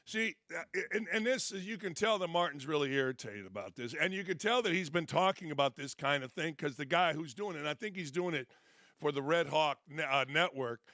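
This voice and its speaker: A man's voice: fairly high pitch, expressive, fairly quick, sharp tone, no echo, clean studio sound. A middle-aged man, a former coach now hosting a sports show, giving blunt commentary that hammers each point by repeating it. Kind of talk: opinionated commentary.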